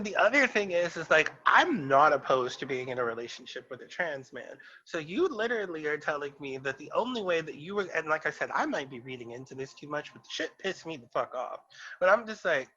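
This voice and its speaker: A man's voice: on the high side, sharp tone, highs cut off. A man co-hosting a casual podcast chat, ranting in a sassy, emphatic way. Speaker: podcast co-host.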